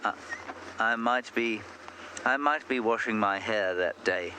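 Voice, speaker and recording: A man's voice: on the low side, a little slow, background noise. A man hosting a live safari broadcast outdoors, chatting and telling stories with a self-deprecating humor. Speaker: safari guide and live show host. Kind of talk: live safari commentary, casual chat. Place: outdoors in the bush, on a game drive.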